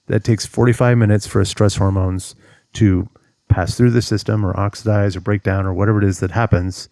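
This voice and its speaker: A man's voice: fairly low pitch, fairly even intonation, a little fast, warm tone, dry recording, clean studio sound. A man giving relationship advice as a coach, talking straight to the viewer and acting out what a person might say to themselves. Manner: earnest, steps through advice, acts out inner monologue. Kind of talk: direct-to-camera advice talk.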